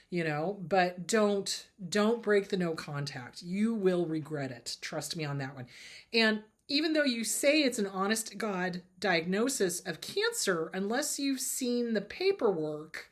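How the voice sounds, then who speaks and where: A woman in an ordinary mid range answers viewer questions as a therapist host. She talks casually but bluntly, stressing her points and repeating advice firmly. Her voice sounds a little choked, with throat clearing. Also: mid-range voice, sing-song, a little slow.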